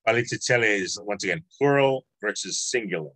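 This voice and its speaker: A man's voice: fairly low pitch, lively intonation, fairly quick, a bit bright, no echo, rough recording. A man teaching a language class over a video call, patient and encouraging, drawing out words as he explains.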